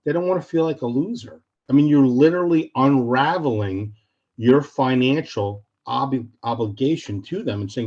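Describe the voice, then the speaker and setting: A man speaking as a podcast guest about home sales, blunt and animated, often acting out what clients should say. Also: mid-range voice, normal speed, dull audio. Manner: blunt, animated storytelling with acted-out quotes. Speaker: real estate short sale specialist, podcast guest. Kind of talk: casual interview talk.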